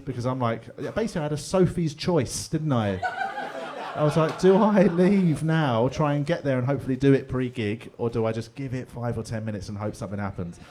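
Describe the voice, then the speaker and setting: A man, telling a story in a stand-up comedy set in a pub, animated and bursting into mock voices. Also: mid-range voice, fast talker, hardly any pauses. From England. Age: 40s. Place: pub comedy room with live audience.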